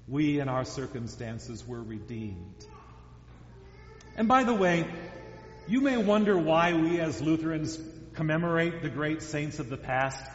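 A man's voice: on the high side, measured pace. A male pastor preaching a sermon in an earnest, emphatic manner, often repeating himself for stress. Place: church sanctuary. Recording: echoey church hall, dull lo-fi sound.

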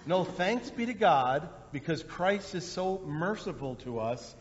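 A male pastor preaching a sermon in a conversational way, with lively bursts when he acts out quotes. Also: high-pitched, measured pace, hardly any pauses. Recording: dull lo-fi sound with long hall reverb.

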